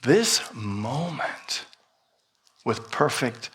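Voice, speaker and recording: A middle-aged man giving a sermon in a church, guiding a meditation gently and unhurriedly with light humor. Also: medium pitch, sing-song, drawn-out words, a little hiss or hum. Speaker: minister. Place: church sanctuary.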